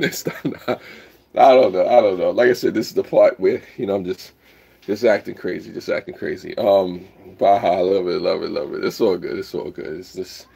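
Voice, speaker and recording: A man hosting a casual live stream, rambling while he reads the chat aloud and bursts into loud whoops. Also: low voice, fairly even intonation, a little fast, gravelly, husky.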